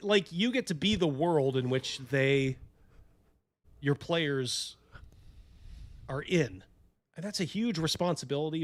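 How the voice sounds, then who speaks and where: Male host, casual chat, profane, rambling, slightly high voice. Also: a bit bright. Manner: rambling, profane, laughs a lot.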